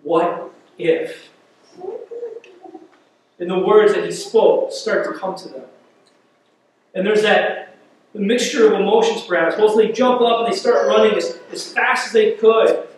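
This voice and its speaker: A man's voice: high voice, steady tone, normal speed, a little hiss or hum. A man preaching a sermon as pastor, retelling a scripture story vividly and repeating words as he builds intensity. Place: church. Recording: echoey church hall, mic at a distance.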